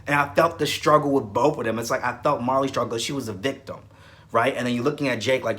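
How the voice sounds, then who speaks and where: A man with a mid-range voice hosts a casual review of soap operas. He speaks in an animated, emphatic way and often repeats himself to drive his points home. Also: medium pitch, quick pace.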